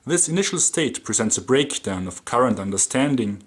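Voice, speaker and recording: A man's voice: mid-range voice, animated, normal speed. A man with a German accent delivering dry, sarcastic scripted commentary.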